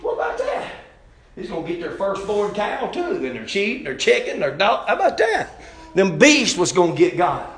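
A man preaching a folksy, impassioned sermon, swinging from loud exhortation to hushed intensity. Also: high voice, wildly swooping pitch, normal speed, soft background music. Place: church sanctuary. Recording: very echoey church hall.

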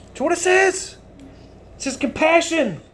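A man preaching a sermon in a loud, emphatic way, swinging between booming lines and hushed ones. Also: lively intonation, a little slow.

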